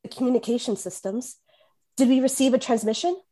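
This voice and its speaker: A woman voicing a steady female robot squad leader, calm and reassuring. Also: fairly high pitch, a little fast, lightly acted.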